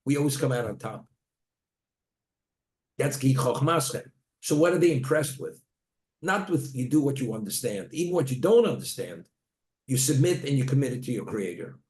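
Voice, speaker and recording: Rabbi giving a Torah lecture, echoey room. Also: male voice, medium pitch, lively intonation, normal speed, a little mellow. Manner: storytelling, Hebrew terms woven into plain talk. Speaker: rabbi teaching a Torah class.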